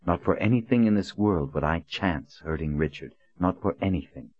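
A stern, composed woman leader in an audiobook, read by a man in a low, calm, clipped voice. The sound is dry and a bit dull. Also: normal speed, dry recording. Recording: dull lo-fi recording.

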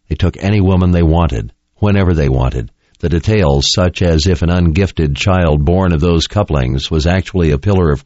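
A man reading a fantasy novel aloud in an expressive, dramatic style. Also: sits low, no echo. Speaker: audiobook narrator. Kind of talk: scripted narration. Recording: dull lo-fi dry recording.

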